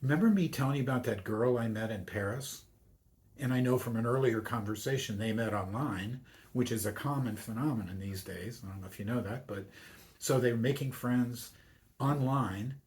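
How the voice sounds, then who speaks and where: A man's voice: mid-range voice, moderate pace, darkish tone. An older man, a university chaplain and priest, speaking as a guest in a radio interview, telling stories in a reflective way and acting out the voices of the people he quotes.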